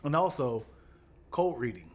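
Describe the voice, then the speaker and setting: A man co-hosting a comedy podcast, with a voice that leaps all over the place as he laughs and acts out both sides of conversations. His pitch sits in the middle, and the chat stays loose and casual. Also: a little slow, slight background noise. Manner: animated, laughs often and acts out dialogues. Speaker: podcast co-host.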